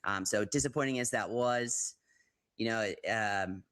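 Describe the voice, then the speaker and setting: A man's voice: fairly low pitch, unhurried, a bit bright, clear, resonant tone, no echo. A man from the United States talking football as a guest pundit on a live show, hesitant and full of fillers and restarts. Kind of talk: live football commentary chat.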